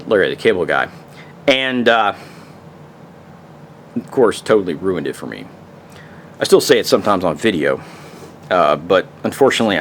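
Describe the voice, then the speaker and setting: A man's voice: deep voice, a bit bright, slight background noise. A man casually demonstrating camping gear, rambling in profane, folksy slang. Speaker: outdoor gear reviewer.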